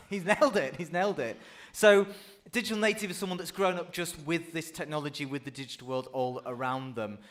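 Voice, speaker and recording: A man's voice: on the high side, brisk, few pauses, a bit bright. A man in his thirties presenting a radio conversation slot in the studio, upbeat and self-mocking as he chats with young guests.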